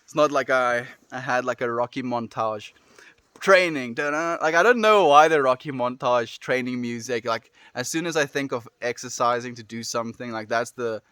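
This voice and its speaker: A man with a South African accent, chatting casually and gently with viewers on a livestream, often trailing off softly at the ends of phrases. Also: medium pitch, steady tone, normal speed, few pauses, clear, resonant tone, no room sound, clean studio sound. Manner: gentle, affirming, soft trailing endings.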